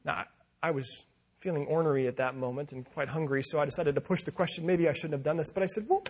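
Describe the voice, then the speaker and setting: A man preaching a sermon, telling a personal story in an animated way and acting out the voices he quotes. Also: a little high, fast talker, slightly rough.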